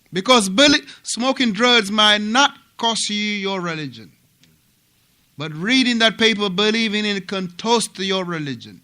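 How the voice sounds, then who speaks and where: Animated African man teaching a mosque class. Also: high-pitched, unhurried, clean tone. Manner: animated, repeats words and asks students questions. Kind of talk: religious class lecture.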